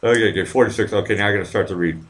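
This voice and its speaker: Over a noisy background, a man with a fairly low voice talks very fast. As a live-stream host, he rambles and swears casually, reads out viewer comments, occasionally puts on silly voices, and is easily sidetracked.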